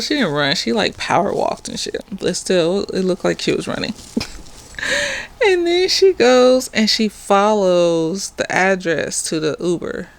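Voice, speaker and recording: A slightly tipsy woman talks through a TV episode in a loose, rambling recap. She swears freely and talks in a relaxed, offhand way. She sounds like a therapist chatting at home rather than giving a formal review. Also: on the low side, vocal fry. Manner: rambling, profane, laughs often.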